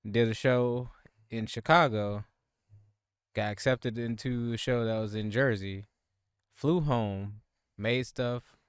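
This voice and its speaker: A man's voice: mid-range voice, steady tone, takes it slowly, pauses often, clean tone, dry recording, clean studio sound. A laid-back man from Louisiana co-hosting a casual podcast, chatting unhurriedly and laughing often. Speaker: podcast co-host. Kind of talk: casual chat.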